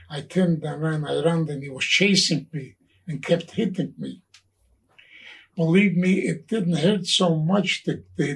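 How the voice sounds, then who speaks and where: A man in his nineties giving personal testimony, halting and repeating words as he recalls events and quotes the people in them. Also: fairly high pitch, recorded from a distance, poor audio. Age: 90s. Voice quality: gravelly, husky older voice. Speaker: Holocaust survivor telling his story.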